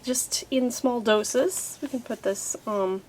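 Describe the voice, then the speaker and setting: A woman with a slightly high, somewhat mellow voice speaks slowly as she unboxes craft papers and stickers from a subscription box for her craft vlog. She chats casually, thinks aloud with lots of fillers, and is easily delighted by each piece. There's slight background noise.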